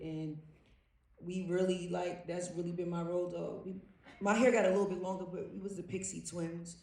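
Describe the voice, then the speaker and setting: Animated woman in an echoey hall. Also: lowish voice, normal speed. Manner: animated, laughing, slangy storytelling. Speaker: panel guest actor. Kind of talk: casual panel storytelling. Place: large event hall. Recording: echoey hall, distant mic.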